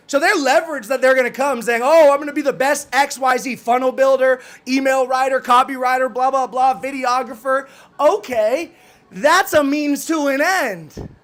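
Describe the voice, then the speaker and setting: A man with a high-pitched voice delivers a fired-up motivational rant, pushing hard at his listeners. He keeps repeating his questions and throws in casual swearing, in the manner of a business coach. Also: fairly bright tone. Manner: intense, challenging, repeats questions.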